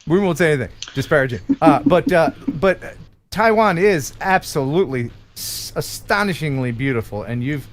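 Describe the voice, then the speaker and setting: A man's voice: a little high, moderate pace. A man from the United States hosting a casual live-stream chat show, joking and laughing often. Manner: jokey, laughs often, animated. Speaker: host.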